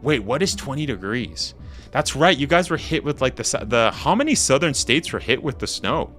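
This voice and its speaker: A man's voice: medium pitch, big pitch swings, normal speed, fairly bright tone, soft background music. A young man from Canada chatting casually with his live-stream audience, slangy and rambling as he reads the chat. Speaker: game streamer.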